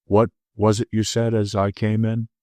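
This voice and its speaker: A man voicing an ironical English gentleman detective with an Oxford accent and a slow, emotionless drawl. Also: on the low side, monotone, no room sound, clean studio sound, close to an everyday voice.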